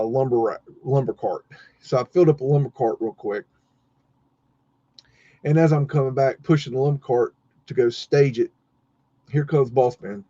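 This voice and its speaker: A middle-aged man telling a story on a live-stream podcast in a casual, profane, animated way, acting out the other people in it. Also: medium pitch, no room sound. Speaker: podcast co-host. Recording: dull lo-fi stream audio.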